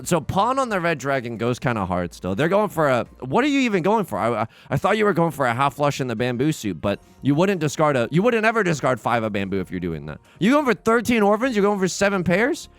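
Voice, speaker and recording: A young man giving casual, excitable commentary on his own gameplay, talking to viewers and trash-talking opponents. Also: on the high side, no echo. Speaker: let's play host. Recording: game music underneath.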